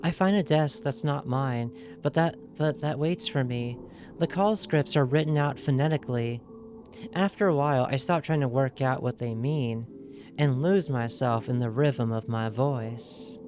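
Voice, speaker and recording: With an unhurried bass voice, a woman reads a video game's text aloud on stream in a loose, wavering put-on accent. She giggles and jokes playfully with her viewers, and faint game music can be heard.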